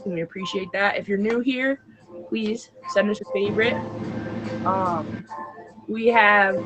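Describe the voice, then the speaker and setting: A young woman co-hosting a casual live-stream show, chatty and bubbly with plenty of fillers. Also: mid-range voice. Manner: bubbly, many fillers, bursts into excited shrieks.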